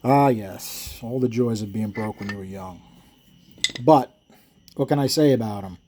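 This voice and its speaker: A man's voice: lowish voice, unhurried, background noise. A man who builds engines, explaining his work in casual, rambling shop talk that wanders into stories, with frequent self-corrections and chuckles.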